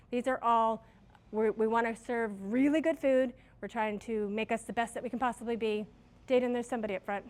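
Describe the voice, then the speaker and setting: A woman's voice: fairly high pitch, fairly even intonation, fairly quick. A middle-aged woman who manages a restaurant, giving her staff a casual, story-filled training talk on leadership. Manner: casual, chatty, self-deprecating with stories.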